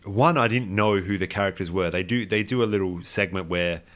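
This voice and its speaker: A man's voice: sits low, a little fast, fairly bright tone. A man co-hosting a podcast, chatting casually about a film with many restarts and wry asides. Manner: rambling, frequent restarts and fillers, wry self-mockery. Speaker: podcast co-host. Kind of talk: casual movie review chat.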